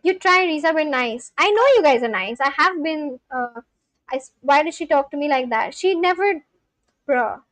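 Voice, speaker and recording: High-voiced young woman streamer. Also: expressive, moderate pace, fairly bright tone, no room sound. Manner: talks back to chat, scolding and reassuring; loose filler-heavy speech. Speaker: livestreamer. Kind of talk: casual live-stream chat with viewers.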